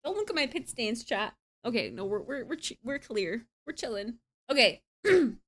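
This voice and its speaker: A woman's voice: fairly high pitch, sing-song, moderate pace. A young woman streaming, casually chatting to her viewers and breaking into giggles as she reads comments aloud. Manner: giggly, laughing fits while reading comments. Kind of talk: casual livestream chat.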